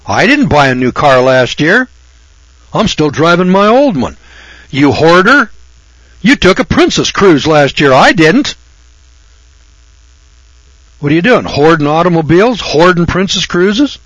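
A man's voice: on the high side, big pitch swings, measured pace, pauses often, fairly bright tone, no echo. A man hosting a radio talk show, ranting in a folksy, sarcastic monologue that rambles and often restarts.

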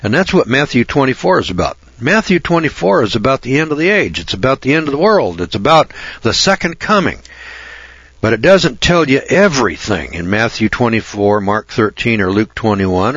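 A man's voice: medium pitch, a bit bright, breathy edge, no room sound. A man preaching a sermon in a folksy, emphatic way, repeating key phrases for weight. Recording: dull, dry lo-fi recording.

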